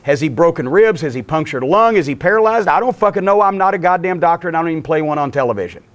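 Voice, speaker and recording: An older wrestling promoter with a high, reedy voice tells a backstage war story full of exasperated energy. He talks fast, swears constantly and snaps into quoted dialogue, staying lively and profane throughout.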